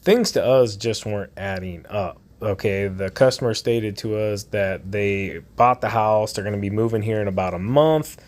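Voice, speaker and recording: A man's voice: fairly low pitch, moderate pace, hardly any pauses. A man who owns a lawn care and storage business, talking casually to camera outdoors in a rambling way with plenty of fillers. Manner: conversational, rambling with many fillers. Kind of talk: casual vlog talk to camera. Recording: loud outdoor background noise.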